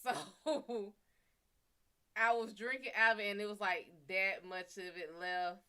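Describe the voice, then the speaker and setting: Female stream host, crisp bright tone, casual cursing storyteller who talks straight to the chat. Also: mid-range voice, fairly even intonation, a little slow. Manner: profane, chatty, talks to viewers. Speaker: livestream host.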